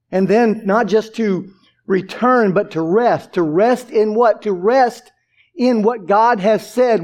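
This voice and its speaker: A man's voice: high-pitched, darkish tone. A male pastor preaching a sermon in a conversational way, full of rhetorical questions and casual asides.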